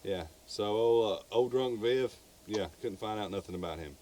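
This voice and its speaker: A man's voice: fairly low pitch, moderate pace, crowd noise. A man with a Southern US accent, co-hosting a podcast and casually telling a true crime story. He rambles, repeats words and swears freely.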